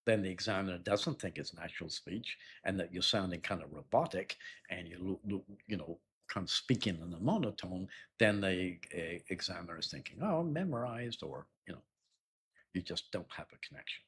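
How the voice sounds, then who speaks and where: A man teaching an exam-prep lesson in a loose, conversational way, often clearing his throat and repeating words. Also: sits low, fairly quick, fairly bright tone. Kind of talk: explanatory spoken lesson.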